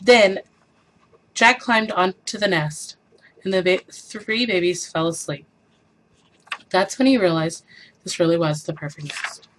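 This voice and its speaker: A woman reading a children's picture book aloud with animated, expressive storytelling, then posing questions for students. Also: on the low side, a little slow, pauses often, slight background noise, low-quality recording. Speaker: storybook reader.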